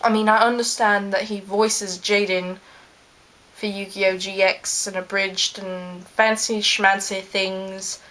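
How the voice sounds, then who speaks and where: A woman playing a smug, rambling male scientist character in a fan-made in-character video, talking with plenty of ums and trailing pauses. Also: medium pitch, little pitch movement, fairly bright tone.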